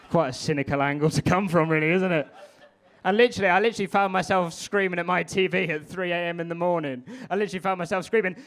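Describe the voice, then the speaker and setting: A man's voice: high-pitched, brisk, long pauses, a bit bright. A man doing stand-up, chatty and rambling, swearing often. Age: 20s. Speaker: stand-up comedian. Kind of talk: stand-up comedy with crowd work. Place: comedy club stage before a live audience.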